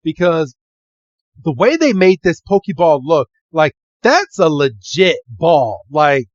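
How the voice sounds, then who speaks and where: A man co-hosting a podcast, recapping a film in a casual, animated way and acting out the characters' lines. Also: a little high, takes it slowly, no room sound, highs cut off. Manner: animated, fond of acting out quotes. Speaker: podcast co-host.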